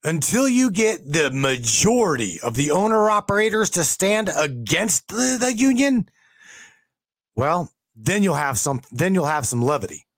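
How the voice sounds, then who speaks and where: A man hosting a casual talk show, an excitable talker who swears often and stumbles through restarts. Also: a little high, measured pace, dry recording. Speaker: beer hauler, union truck driver. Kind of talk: casual chat.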